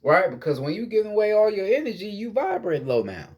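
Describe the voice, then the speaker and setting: A young man lectures on meditation in a loose, profane, preachy way, circling back over his own words as he goes. His voice sits high and jumps around a lot. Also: sing-song, quick pace, breathy edge, dull audio. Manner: repeats words while searching for phrasing. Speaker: spiritual teacher. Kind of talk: casual spoken lesson on meditation.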